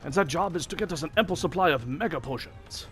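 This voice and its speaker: A man's voice: a little high, lively intonation, fast, soft background music, pitched above the performer's own voice, lightly acted. A man doing a hammy fake-French quartermaster. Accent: mock French, old-time stage style. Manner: theatrical read of on-screen dialogue. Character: cheerful female camp quartermaster, fussy and chummy.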